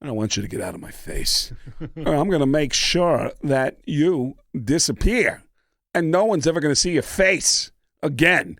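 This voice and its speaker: A man doing an impression of a menacing older male film actor, with slow, clipped, oddly paced threats. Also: fairly high pitch, very animated, gravelly, fairly bright tone, no room sound, studio quality, full character voice.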